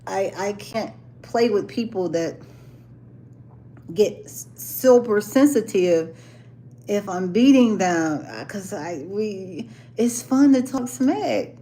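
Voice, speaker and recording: A woman's voice: mid-range voice, lively intonation, slow, warm tone. A woman chatting casually and playfully, often laughing and using lots of fillers. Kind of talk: casual chat.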